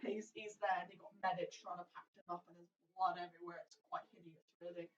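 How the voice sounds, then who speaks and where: A woman's voice: on the low side, level tone, fast talker. A woman narrating as dungeon master in a tabletop game, chatty and laughing often. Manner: chatty, laughing, swears in quoted lines. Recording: roomy, distant, dull lo-fi mic.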